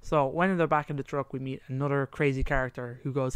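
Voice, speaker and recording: A man's voice: medium pitch, quick pace, few pauses, clean tone, dry recording. Man eagerly retelling a story. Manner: animated retelling, acting out quotes, trailing off to recall details. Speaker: podcast co-host. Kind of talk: casual chat recapping a story.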